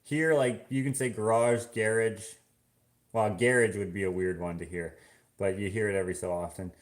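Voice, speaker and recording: Low-pitched and brisk, this Canadian man chats for his vlog while doing the dishes at home. The talk is casual and rambling, full of fillers, as he muses aloud and hops from one thought to the next.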